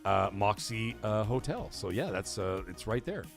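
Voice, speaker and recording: A man's voice: on the low side, normal speed, vocal fry, soft background music. A man hosting a late-night gaming livestream, chatting loosely, swearing freely and reading out and thanking viewers from the chat. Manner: animated, profane, thanks viewers and reads chat aloud. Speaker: livestream host.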